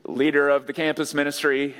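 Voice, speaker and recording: A man's voice: on the high side, level tone, brisk, a bit bright. A male pastor giving an earnest, conversational sermon with playful asides. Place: large church sanctuary. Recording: long church hall reverb.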